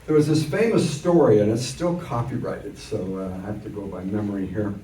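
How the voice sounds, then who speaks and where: A man's voice: lowish voice, a little fast, mellow. An older man giving an economics lecture to adult learners, telling stories from memory in a wry, explanatory way. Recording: echoey room from far off.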